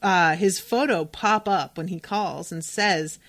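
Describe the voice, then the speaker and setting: A woman's voice: on the low side, measured pace, a bit bright. Chatty, opinionated woman podcast host. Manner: opinionated, chatty, talks to characters directly. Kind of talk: casual episode recap.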